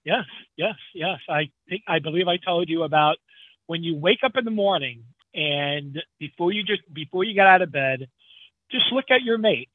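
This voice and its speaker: A man's voice: on the high side, moderate pace, no echo. A man, a guest truck driver, chatting casually in a rambling, easygoing way and laughing easily. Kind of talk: casual podcast chat. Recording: tinny phone line.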